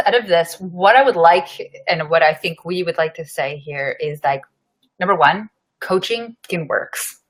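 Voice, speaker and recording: Earnest, low-voiced woman podcaster. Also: expressive, moderate pace. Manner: affirming, earnest, swears casually. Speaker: podcast co-host. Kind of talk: casual podcast chat.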